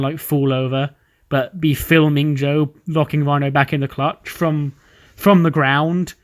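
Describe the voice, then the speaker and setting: A man casually narrating the events of a wrestling management game as he plays. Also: a little high. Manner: laid-back narration of booking a wrestling show. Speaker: let's play commentator.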